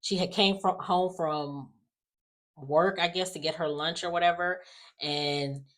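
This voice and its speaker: A woman's voice: fairly low pitch, fairly even intonation, unhurried. A woman chatting casually as she recaps a soap episode, with lots of fillers, acting out the characters' lines as she goes. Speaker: soap opera recap vlogger.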